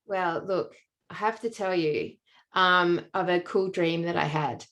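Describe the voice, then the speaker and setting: A middle-aged Australian woman telling a long story in casual chat, animated and rambling with many fillers and restarts. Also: on the low side, unhurried. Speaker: podcast co-host.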